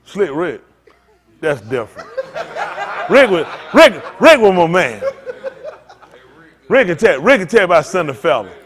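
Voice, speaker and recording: A man in the pulpit, preaching loose and full of jokes. His voice sits high for a man and leaps all over the place, climbing and dropping as he riffs and calls out to the congregation. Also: measured pace, long pauses. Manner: animated, joking, talks to the congregation. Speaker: pastor. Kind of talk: freewheeling preaching with comic asides.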